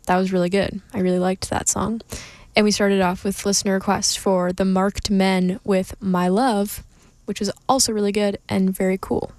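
A woman's voice: mid-range voice, flat delivery, normal speed, darkish tone, no echo. A young woman hosting a college radio show, tired and sleepy, giggling and joking as she talks. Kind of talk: casual radio chat.

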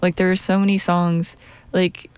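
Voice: medium pitch, level tone, normal speed, smooth, no echo. A young radio co-host chatting casually in a playful, giggly, thoughtful way.

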